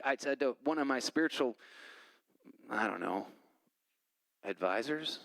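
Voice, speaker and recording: A man's voice: medium pitch, measured pace, vocal fry, long pauses, dry recording, low-quality recording. A male pastor giving a conversational sermon in church, telling stories and acting out quoted conversations. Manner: conversational, animated storytelling with quoted voices.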